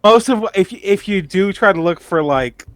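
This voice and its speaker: A man's voice: sits high, animated, normal speed, no echo. Dry-voiced man making offhand asides. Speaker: podcast co-host. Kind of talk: casual chat.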